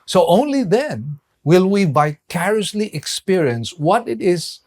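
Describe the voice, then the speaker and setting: Male pastor, sermon delivery, slightly high pitch, slow deliberate pacing with emphatic pauses. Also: sing-song, darkish tone.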